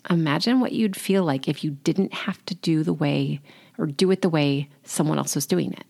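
Low-voiced woman coaching, conversational. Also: normal speed, gravelly, a little mellow. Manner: encouraging, conversational, with casual fillers. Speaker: life coach. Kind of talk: solo podcast monologue.

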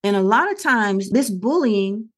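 A woman's voice: medium pitch, animated, a little slow. A middle-aged woman co-hosting a podcast, telling a story in an earnest, conversational way and acting out the other people's lines. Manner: earnest storytelling with quoted dialogue. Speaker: podcast co-host.

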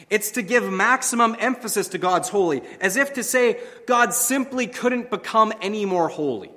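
A man with a high voice preaches a sermon in a church sanctuary, and a long reverb hangs after his words. He presses his points with rhetorical questions and repeats them for emphasis. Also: expressive, normal speed, hardly any pauses, fairly bright tone. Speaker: pastor.

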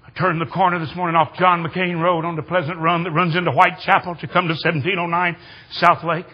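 An older man preaching a sermon in a church, telling folksy stories and building to excited shouts. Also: fairly high pitch, slightly rough, muffled recording. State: hard of hearing. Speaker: guest preacher. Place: church sanctuary.

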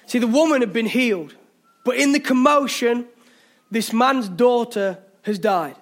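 A man with an English accent preaching a passionate sermon in a church, urging listeners on, with jokey asides. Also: very high voice. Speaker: pastor. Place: church hall.

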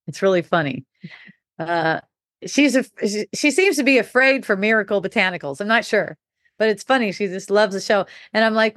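A middle-aged woman talks loosely and candidly, swearing casually and breaking into laughter. She rambles through restarts at a middling pitch. The sound is dry and close, with no room around it. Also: brisk, fairly bright tone, no echo. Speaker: podcast host. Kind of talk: casual spiritual talk.

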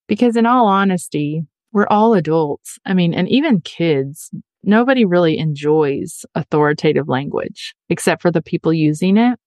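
On her advice podcast, a woman speaks in a lowish, darkish voice with no echo. Her casual monologue is sincere and conversational, and she performs the voices of anyone she quotes.

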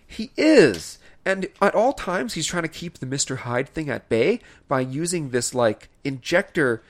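A man with a somewhat raised pitch talks in loose, casual podcast chat. His delivery is animated and exasperated, full of emphatic rants broken up by laughter. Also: normal speed. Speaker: podcast co-host reviewing films.

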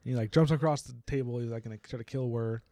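A young man co-hosting a casual book-discussion podcast, recapping chapters in a chatty, animated way with frequent laughs. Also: mid-range voice, fast, no echo, clean studio sound. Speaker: podcast co-host.

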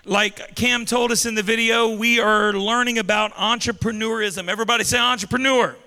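A man's voice: high-pitched, steady tone, normal speed, pushed and bright, big-room sound. A man preaching a sermon, leading call-and-response with the congregation. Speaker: pastor. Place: large church hall.

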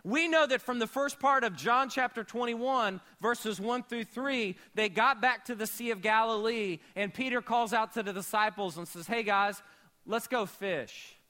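A man pastor preaching a sermon, animated, moving between shouting and hushed storytelling. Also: very high voice, normal speed, few pauses.

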